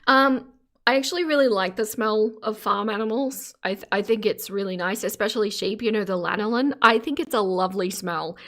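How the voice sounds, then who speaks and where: A woman's voice: medium pitch, brisk, a bit bright. An Australian woman chatting casually on a live stream, laughing often and teasing her chat. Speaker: streamer reacting to videos.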